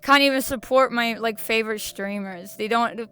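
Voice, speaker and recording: A woman's voice: on the high side, moderate pace, a bit bright, smooth, soft background music. A young woman streamer chatting casually to her viewers, rambling with restarts, slang and laughter. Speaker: VTuber streamer.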